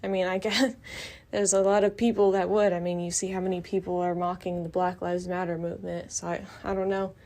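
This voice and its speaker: A woman's voice: on the low side, flat delivery, brisk, darkish tone. Young woman, podcast host, blunt and passionate, rambling, outdoor recording. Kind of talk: casual monologue. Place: outdoors near a building.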